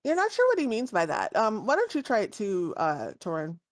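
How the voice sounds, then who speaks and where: A woman's voice: medium pitch, brisk, dry recording, clean studio sound. A woman narrating as game master in a casual tabletop session, talking loosely with frequent filler words. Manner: casual, relaxed, many fillers.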